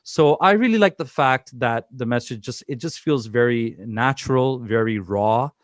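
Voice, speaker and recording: A young man from Canada hosts a casual interview over a video call, rambling a little and circling back with plenty of "you know" and "uh". His voice sits at an ordinary pitch for a man. The sound is dry and close, with no room around it. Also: moderate pace, no room sound. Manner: chatty, many fillers and restarts. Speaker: interview host.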